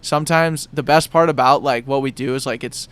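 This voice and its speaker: A man's voice: medium pitch, fairly even intonation, brisk, a bit bright, clear, resonant tone. A young man hosting a podcast, chatting in an enthusiastic, loose and rambling way. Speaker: podcast host. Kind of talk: casual conversation.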